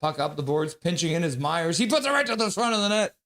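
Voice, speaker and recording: Excitable, higher-pitched hockey streamer man. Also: fast. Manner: excitable, reads chat aloud, chants and yells. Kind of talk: live play-by-play and chat reaction.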